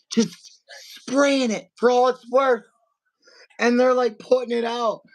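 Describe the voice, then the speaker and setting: A man co-hosting a podcast, telling a family story in animated casual chat and acting out his relatives' voices. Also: very high voice. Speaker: podcast co-host.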